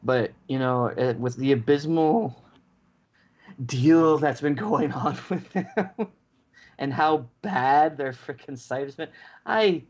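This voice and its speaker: A man's voice: mid-range voice, slow pace, pauses often, a little mellow. Man, exasperated ranter, podcast co-host, casual chat, dull lo-fi sound. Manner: exasperated ranting storyteller, acts out both sides.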